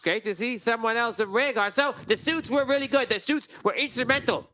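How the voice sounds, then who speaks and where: A man voicing a pompous male gnome lord who designs suits, talking slowly and self-importantly. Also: very high-pitched, sharp tone, voice pushed up. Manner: slow, stately and self-important.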